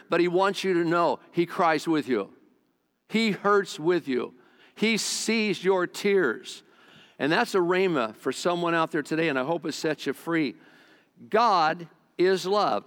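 A middle-aged male pastor delivers a heartfelt sermon in a slightly high voice. He talks in an earnest, conversational way, repeating points and shifting between quick and slow phrasing. His voice rings out with a long hall reverb. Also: a bit bright. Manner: earnest, repetitive, conversational preaching with shifting pace.

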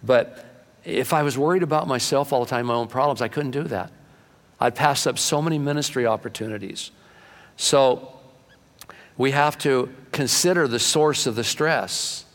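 A man's voice: mid-range voice, normal speed, in a large hall. Folksy older male preacher. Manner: folksy storytelling, building to fervent preaching. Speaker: pastor. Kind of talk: sermon.

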